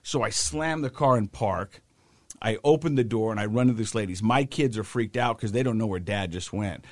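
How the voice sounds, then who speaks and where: A man's voice: lowish voice, moderate pace, dry recording. Storytelling man, dry close sound. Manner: animated storyteller who acts out quotes. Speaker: podcast co-host. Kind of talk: casual chat, storytelling.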